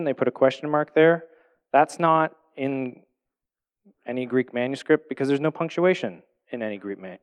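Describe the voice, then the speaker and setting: A man giving earnest, reflective Bible teaching in a sermon style, asking his listeners questions and dropping to a soft, quiet voice at tender points. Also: medium pitch, clean tone.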